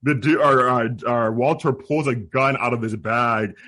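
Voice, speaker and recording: A man co-hosting a podcast, retelling film scenes in an animated, laughing way. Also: mid-range voice, unhurried. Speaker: podcast co-host. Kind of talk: casual film review chat.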